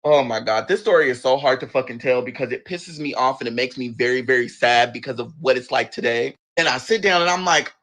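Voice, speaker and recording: A man telling a personal story with big pitch swings and a forceful, bright tone. He curses freely and acts out every moment. His delivery is dramatic and expressive. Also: brisk, few pauses. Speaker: storyteller, show guest.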